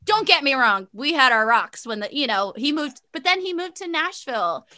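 A young woman telling a long personal story in casual chat, sassy and animated, full of fillers and quoted dialogue. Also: sits high, normal speed, no room sound.

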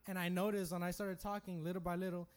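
High-voiced young man telling stories. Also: fast talker, a crowd in the background. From West Texas. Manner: animated storyteller, mimics voices. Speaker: podcast co-host. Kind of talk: casual chat.

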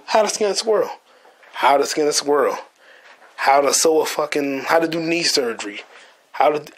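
A man's voice: on the high side, slightly rough. A man in his twenties with an American accent, hosting a podcast as a casual solo monologue, profane and joking, stumbling over his words. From United States. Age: 20s. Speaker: podcast host.

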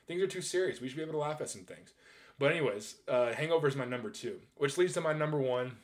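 A young man in his twenties chats in an easygoing, rambling way, restarting his sentences and swearing freely as he gets excited. His voice sits at a middling pitch and he talks like he is riffing with friends. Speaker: movie reviewer. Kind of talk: casual ranking chat.

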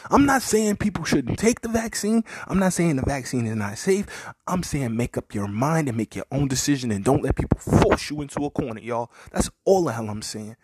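A man's voice: mid-range voice, animated, brisk, a little mellow, husky, no echo, clean studio sound. A man giving rambling, profane opinion commentary, firing off heated, mocking rhetorical questions at his listeners. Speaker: commentary podcaster.

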